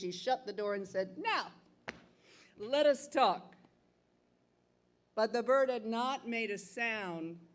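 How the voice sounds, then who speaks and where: A middle-aged woman storyteller telling a folktale live in a museum theater, with dramatic, expressive delivery. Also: medium pitch. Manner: expressive, dramatic shifts between calm and loud.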